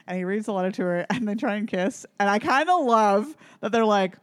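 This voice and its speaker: A woman's voice: mid-range voice, brisk, no room sound, studio quality. A young woman co-hosting a podcast, chatting casually and swearing a lot as she rambles through a recap. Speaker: podcast co-host. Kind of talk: casual chat about films and music.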